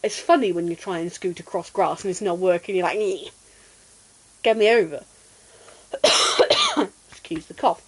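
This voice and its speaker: A woman streamer chatting casually and telling an animated childhood story while gaming. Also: lowish voice, normal speed, husky, low-quality recording.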